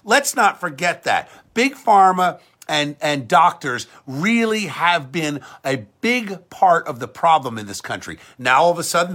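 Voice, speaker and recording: A man's voice: fairly high pitch, a bit bright. A man hosting a talk show, delivering an emphatic, combative monologue that often repeats words and restarts when heated. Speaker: podcast and show host. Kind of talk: talk-radio style monologue.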